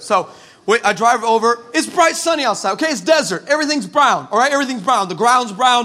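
Sarcastic, high-voiced young preacher. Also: male voice, fairly quick. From El Paso, West Texas, USA. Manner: animated, sarcastic, stammering restarts. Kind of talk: comic storytelling sermon. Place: church.

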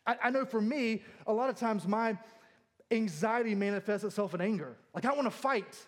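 A man's voice: high-pitched, brisk. A man preaching a sermon in a church, joking and laughing often as he talks about fear and anxiety. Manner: jokey, self-deprecating, laughs often. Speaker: pastor. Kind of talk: humorous sermon.

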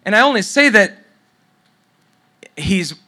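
Bright-voiced man preaching a story. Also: sits high, very animated, takes it slowly. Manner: storytelling, drops to near-whisper at tender moments. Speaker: pastor. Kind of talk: sermon.

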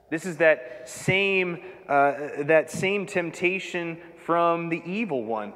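A man preaching a sermon as pastor, reading scripture with measured delivery and dramatic emphasis on quoted lines. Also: a little high, fairly bright tone. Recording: long hall reverb.

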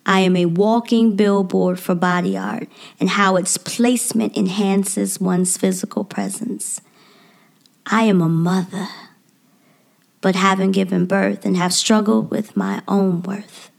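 A woman performs her own spoken-word piece in a measured, poetic cadence, her voice carrying a steady gravelly fry. Line endings often sink into a soft, breathy near-whisper. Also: medium pitch.

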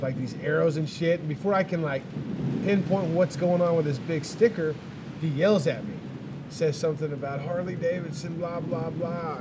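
A man on a motorcycle trip, spinning a road story in loose, swearing casual talk. His voice sits a touch high for a man, and a faint engine rumble runs behind him. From Texas. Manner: profane, animated storyteller. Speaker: motorcycle traveler. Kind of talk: casual chat.

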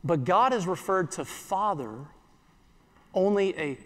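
Man, pastor, sermon, high voice, earnest, repeats phrases, church hall with long reverb. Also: lively intonation, fairly bright tone. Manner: earnest, repeats phrases, slows for quoted scripture.

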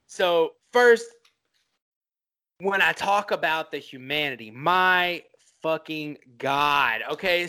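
A man co-hosting a casual film-review podcast, talking in an animated, profane way and getting swept up in emotion. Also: on the high side, smooth. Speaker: podcast co-host.

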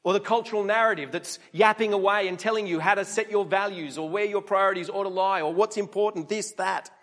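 A man's voice: high voice, steady tone, brisk, a bit bright. A middle-aged man preaching a conversational sermon, often asking his listeners rhetorical questions.

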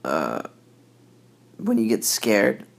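Male podcast host, rambling and laid-back, slow, drawn-out pace. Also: fairly low pitch, wildly swooping pitch, creaky. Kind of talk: casual podcast monologue.

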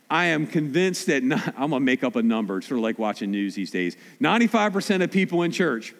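A man preaching a sermon as pastor, swinging between hushed slow appeals and loud animated asides. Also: medium pitch. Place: church sanctuary. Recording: long reverb of a large hall.

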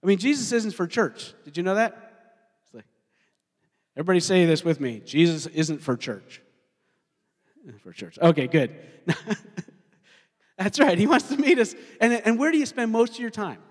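A male pastor preaching a sermon, talking in an animated way and putting questions to his congregation. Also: high voice, moderate pace, pauses often. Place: church sanctuary. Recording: long hall reverb.

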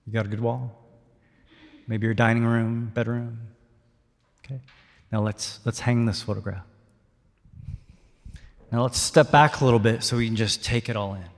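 A man's voice: mid-range voice, moderate pace, vocal fry, pauses often. Man preaching in a reverberant hall. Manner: leads the congregation in call-and-response, rising to excited shouts. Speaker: pastor. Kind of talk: interactive sermon. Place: church hall.

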